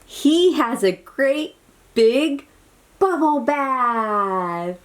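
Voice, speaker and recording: A woman's voice: sits high, lively intonation, extremely slow. A woman reading a picture book aloud to young children, with exclamatory, chatty asides to her little listeners. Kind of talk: read-aloud storytelling for children.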